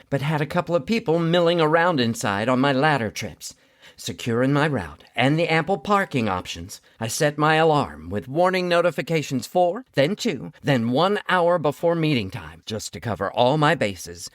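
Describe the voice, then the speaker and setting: A man's voice: medium pitch, no echo, clean studio sound. A man narrating a first-person audio story in a wry, conversational way.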